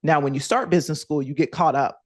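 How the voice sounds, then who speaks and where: A woman in her thirties, a former athlete, telling lively stories as a podcast guest and acting out quoted kids in higher voices. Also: fast talker, no echo, clean studio sound. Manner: animated, acts out quoted kids in higher voices, laughs often. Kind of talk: conversational storytelling interview.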